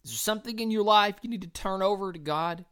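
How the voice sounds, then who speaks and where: A woman preaching an earnest, encouraging sermon, rising to loud cheering and dropping to soft, quiet appeals. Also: mid-range voice, fast, smooth.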